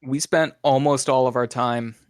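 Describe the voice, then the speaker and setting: A man with a mid-pitched voice recaps a tabletop game session in an easygoing, unhurried way. He leans on small hesitant fillers as he talks. The sound is close and dry. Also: steady tone, smooth, dry recording. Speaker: player.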